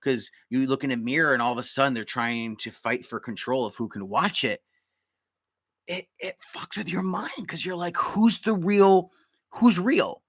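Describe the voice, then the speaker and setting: Excitable rambling male podcast host. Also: medium pitch, no echo. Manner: excitable, rambling, quick bursts. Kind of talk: casual live-stream chat.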